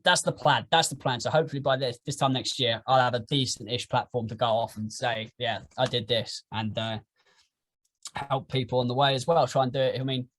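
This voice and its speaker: A man's voice: mid-range voice, fairly even intonation, a little fast, a bit bright. A young man, a podcast guest, chatting casually in an eager, rambling way. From United Kingdom.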